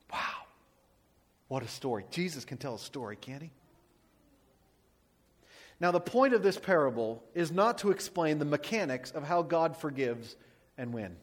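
A man preaching a sermon as a pastor, telling a story with lively emphasis and dropping to quiet, soft lines for his points. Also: fairly high pitch. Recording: long hall reverb.

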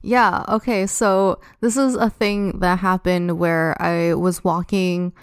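A woman's voice: lowish voice, fairly even intonation, slow, clear, resonant tone, dry recording, clean studio sound. A young woman casually telling a story on a podcast, chatty and full of "like". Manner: chatty, heavy use of "like" as a filler. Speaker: podcast guest.

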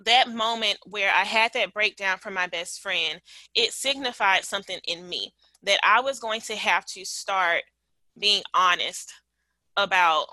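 Bright-voiced young woman, earnest and reflective. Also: mid-range voice, a little slow, no room sound, poor audio. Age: late 20s. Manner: earnest, reflective, frequent fillers and restarts. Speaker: guest. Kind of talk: candid personal storytelling.

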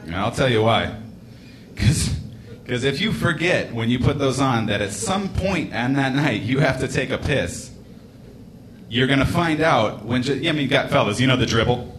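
A man's voice: medium pitch, animated, moderate pace, a bit bright. A man in his late twenties doing a rambling, laid-back stand-up set in a comedy club, with casual swearing. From United States. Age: late 20s.

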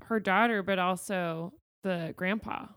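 A woman's voice: lowish voice, a little slow, a bit bright, no room sound. A woman co-hosting a casual fan podcast, playful and teasing, with dry quips. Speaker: podcast co-host.

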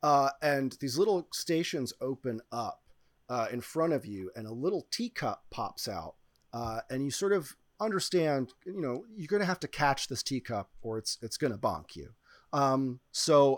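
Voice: mid-range voice, animated, moderate pace, dry recording. A game master narrating an improvised tabletop game in a rambling, playful way, with lots of fillers.

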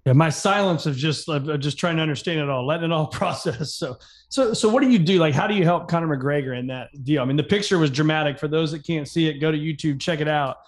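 Casual male podcast host, slightly high voice, curious, loose and chatty. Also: fast talker. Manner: casual, curious, uses fillers like "like". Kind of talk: casual interview chat.

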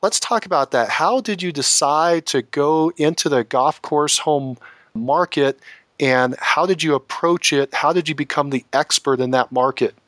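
A man's voice: fairly high pitch, measured pace, a bit bright, dry recording. A man hosting an interview, asking direct follow-up questions. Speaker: interviewer host.

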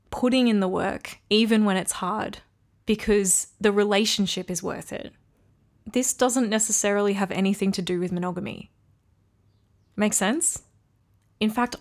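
A woman hosting a solo podcast, talking candidly and reflectively about her relationship, with frequent ums. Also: medium pitch. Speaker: podcast host. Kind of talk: casual solo podcast talk.

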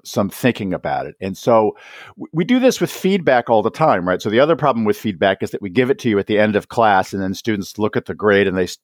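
A man speaks in a lively, swooping voice, his pitch climbing and dipping as he explains ideas to an interviewer. The sound is dry and close, with no room around it. He talks in an easy conversational way and keeps checking in with little tag questions. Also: no room sound. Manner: animated, acts out quoted voices, frequent "right?" tags. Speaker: author and education guest.

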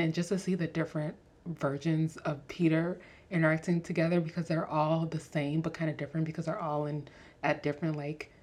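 A young woman talking casually and excitedly about a film on a podcast, with lots of fillers and laughter. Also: low voice. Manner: animated, fast-talking, frequent fillers and laughs. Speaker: podcast host. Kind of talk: casual movie review chat.

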